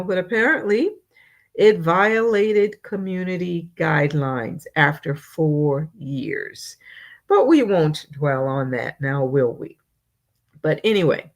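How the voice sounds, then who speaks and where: Female live-stream host, measured and slow, slightly low register, casual chat. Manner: slow, drawn-out greetings, reading names one by one. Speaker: channel host.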